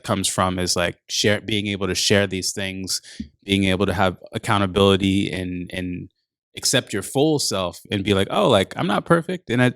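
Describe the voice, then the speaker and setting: A man's voice: sits low, fairly bright tone, no echo, studio quality. A man chatting casually on a podcast as a meditation and wellness coach, laid-back and full of filler words.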